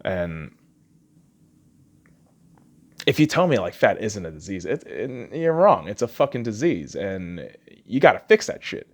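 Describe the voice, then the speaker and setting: A man's voice: lowish voice, big pitch swings, moderate pace. Swearing man on a heated podcast rant. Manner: crude, heated, heavy swearing. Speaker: podcast host.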